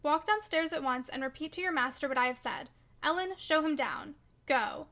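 A composed gentleman gives firm, measured orders, as a woman reads him in her own bright voice. His storybook voice stays calm and decisive throughout. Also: high voice.

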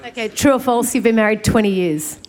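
A woman's voice: a little high, fairly quick, a little mellow. A woman hosting an interview, asking playful questions in a teasing, upbeat way.

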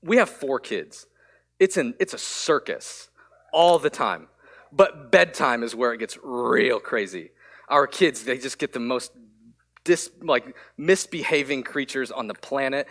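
A man pastor giving a sermon, telling a candid story with quick asides. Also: medium pitch, fairly bright tone.

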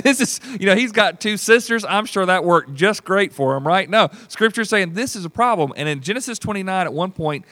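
A man, leading a Bible study as pastor in a folksy, animated teaching style and acting out voices. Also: fairly high pitch, dry recording. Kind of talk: teaching sermon with group discussion.

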